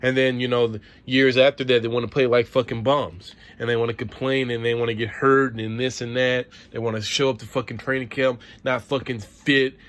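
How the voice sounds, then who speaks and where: Brisk and barely pausing, a man with a medium-pitched, slightly bright voice and a level tone rants about sports in a vlog. He is frustrated and profane, repeating himself while he vents to camera.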